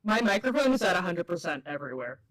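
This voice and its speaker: A man's voice: sits high, big pitch swings, fast talker, fairly bright tone, low-quality recording. A man co-hosting a casual podcast over a voice call. He wryly passes on complaints about his own audio. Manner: wry, reports audience complaints about the audio. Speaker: podcast co-host. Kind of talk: casual live-stream chat. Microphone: computer mic on a voice call.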